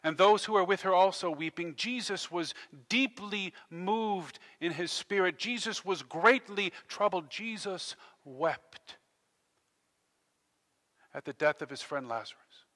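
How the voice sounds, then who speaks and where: Impassioned high-voiced pastor in reverberant church. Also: male voice, moderate pace, hardly any pauses. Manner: impassioned, swinging between hushed and loud delivery. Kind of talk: sermon. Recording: long church-hall reverb.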